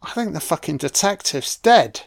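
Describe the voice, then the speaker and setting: A man's voice: on the high side, animated, moderate pace, creaky. A man giving a live, profanity-laced reaction commentary over a film, talking back at the characters on screen.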